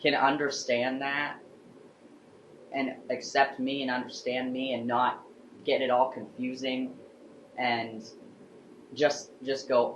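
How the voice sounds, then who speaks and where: A man's voice: mid-range voice, little pitch movement, takes it slowly, pauses often, a bit bright, slight background noise. A young man telling a personal story in a casual, earnest and heartfelt way. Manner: earnest, heartfelt, acts out quotes. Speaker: vlogger. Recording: echoey room, dull lo-fi sound.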